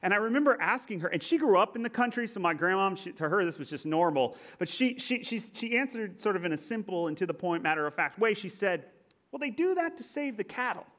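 Young man, faint Texan accent, high voice, pastor giving a sermon, chatty and self-deprecating. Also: expressive, fast, few pauses, fairly bright tone. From Texas. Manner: conversational, self-deprecating, with frequent restarts.

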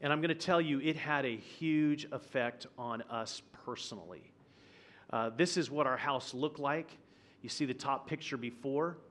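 A guest pastor telling a personal story in a sermon, conversational and vivid, acting out the quotes. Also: male voice, mid-range voice, moderate pace, fairly bright tone. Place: church auditorium.

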